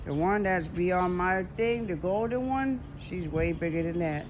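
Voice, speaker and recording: A woman's voice: on the low side, lively intonation, measured pace, hardly any pauses. A middle-aged woman with a stuffy nose, chatting and rambling to her phone while walking outdoors, laughing at herself. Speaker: vlogger. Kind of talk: casual walking vlog. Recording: outdoor noise behind.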